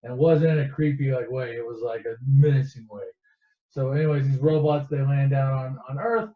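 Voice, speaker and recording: A man's voice: medium pitch, fairly even intonation, brisk. A man casually retelling a favorite movie as a rambling, swearing storyteller, full of asides and restarts. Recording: echoey, dull lo-fi room recording.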